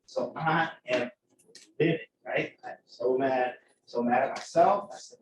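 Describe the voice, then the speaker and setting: A man teaching a chemistry class, telling a profane, animated story to his students. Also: medium pitch, a little slow, slight background noise. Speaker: chemistry instructor. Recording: echoey room, from far off.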